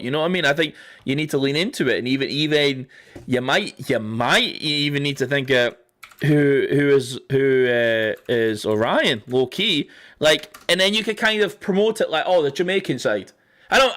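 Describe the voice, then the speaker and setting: A man's voice: fairly high pitch, fairly bright tone. Rambling man streaming. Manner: rambling, swearing, laughing often. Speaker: livestream host. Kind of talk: casual livestream chat.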